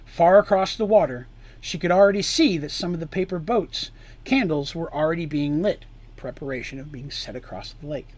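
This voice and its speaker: A man reading a fantasy story aloud with drama, his voice sinking low and quiet on grim lines and lifting louder on tense ones. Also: a little fast.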